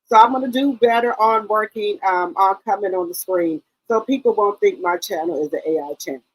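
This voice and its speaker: A woman's voice: medium pitch, fairly quick, rough recording. A woman hosting a casual live stream, greeting viewers one by one and rambling loosely with many ums.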